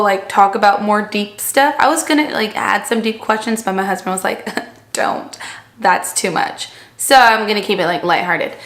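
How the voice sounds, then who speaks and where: A young woman with a fairly bright, high-pitched voice vlogs to camera while seated indoors, chatting and rambling with heavy use of "like." The camera mic captures an echoey room.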